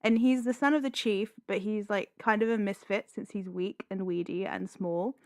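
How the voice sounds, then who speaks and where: A woman's voice: medium pitch, normal speed, darkish tone, no room sound. A young woman, a podcast guest, chatting casually and giggling often as she retells a story, with lots of "like" and "um". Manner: giggly, lots of "like" and "um", self-deprecating. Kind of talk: casual chat, retelling a film plot.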